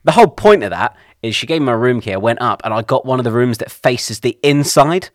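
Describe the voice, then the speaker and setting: A man's voice: mid-range voice, animated, brisk, no room sound. A man, co-hosting a podcast and telling a long rambling story, acting out other people's lines. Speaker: podcast co-host. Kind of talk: casual chat.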